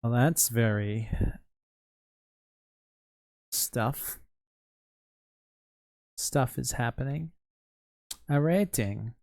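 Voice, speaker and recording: A man's voice: mid-range voice, darkish tone, dry recording. A tired man streaming live, rambling casually and answering chat as he runs an online Mafia game. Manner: rambling, responds to chat messages.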